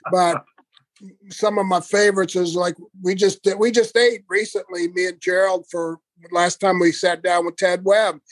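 A man's voice: high-pitched, no room sound. A man casually telling prank stories, chuckling mischievously as he goes. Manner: laughing, mischievous storyteller.

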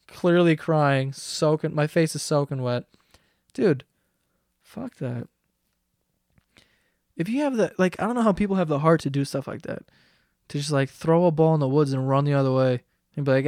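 A young podcast host, a man, rants in a profane, excitable rush, his voice sitting high and his throat sore from yelling. The sound is close and dry, with no room around it. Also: a little slow, long pauses, no echo. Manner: profane, excitable ranting with sudden loud outbursts. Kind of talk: solo comedic rant.

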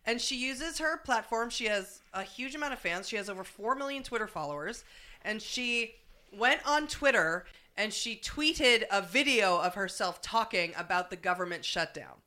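Woman, host, casual chat, enthusiastic, profane, bright, slightly high. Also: very animated, moderate pace.

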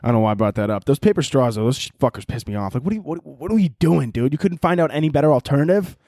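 On his own podcast, a man races through a rambling, profane comic monologue, breaking off his thoughts partway through. His mellow, medium-pitched voice has lively intonation, and the studio-quality recording carries no echo.

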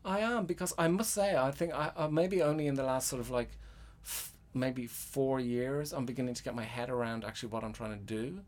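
A man's voice: medium pitch, steady tone, brisk, hardly any pauses. A middle-aged Irish man, a playwright, talking in a loose casual chat, rambling with lots of fillers and restarts and frequent swearing. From Ireland. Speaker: guest playwright. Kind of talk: casual conversation.

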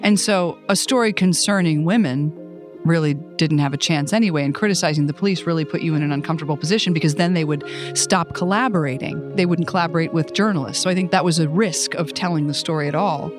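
A woman being interviewed as an actor guest, explaining things in a measured way. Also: low voice, over music. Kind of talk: interview chat.

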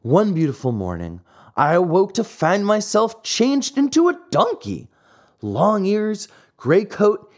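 A man voicing a lively boyish wooden puppet, telling his tale cheekily in a storybook reading. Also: on the high side, full character voice.

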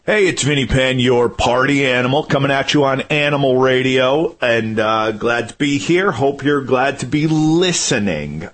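A man's voice: mid-range voice, normal speed, hardly any pauses, faint music behind. A man doing a jokey radio monologue, ranting in mock disbelief. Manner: animated, incredulous, jokey ranting. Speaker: radio show regular segment host. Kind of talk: comic monologue.

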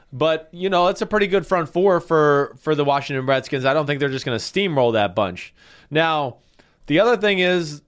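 A man co-hosting a casual sports betting show, breaking down a game out loud with many fillers. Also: fairly high pitch, clear, resonant tone. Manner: talkative, thinks aloud with fillers. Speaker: podcast co-host and analyst.

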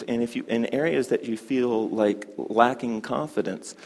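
A man teaching a hoop dance class, chatty and animated, telling stories and laughing often. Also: mid-range voice, measured pace. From Southern United States. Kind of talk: class talk with storytelling. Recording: long hall reverb.

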